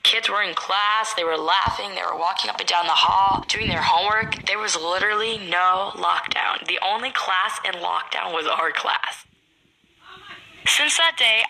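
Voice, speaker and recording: A woman telling a personal story in a hushed, often half-whispered, dramatic way. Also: medium pitch, gravelly, slight background noise, low-quality recording. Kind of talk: storytime narration.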